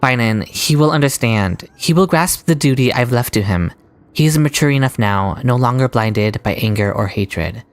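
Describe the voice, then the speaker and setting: A woman reading aloud the lines of a calm, resolute dying woman from a game, in a steady, low voice. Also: normal speed. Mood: solemn.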